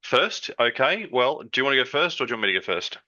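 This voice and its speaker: A man's voice: mid-range voice, very animated, quick pace, bright, forceful tone. A man hosting a casual podcast, greeting listeners with upbeat, jokey banter. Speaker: podcast host. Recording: dull lo-fi dry sound.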